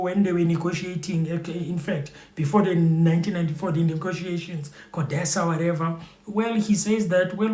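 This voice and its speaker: A South African YouTube commentator talks loosely to his viewers, rambling and repeating phrases amid heavy fillers. His voice is high and a little mellow, and the room sounds roomy.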